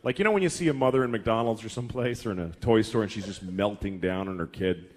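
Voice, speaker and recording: A man's voice: lowish voice, quick pace. A man in his forties doing stand-up comedy, telling stories in a profane, exasperated way.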